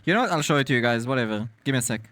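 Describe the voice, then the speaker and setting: A male VTuber streamer chatting casually with his viewers, animated, laughing often and swearing freely. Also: medium pitch, racing, dry recording, studio quality. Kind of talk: casual live-stream chat.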